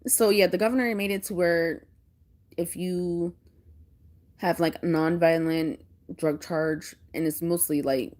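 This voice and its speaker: A woman in her thirties from Pennsylvania, chatting casually with live viewers, laughing often and telling stories animatedly. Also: low-pitched. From Pennsylvania, United States. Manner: laughs often, animated storytelling with playful put-on voices. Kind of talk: casual livestream chat.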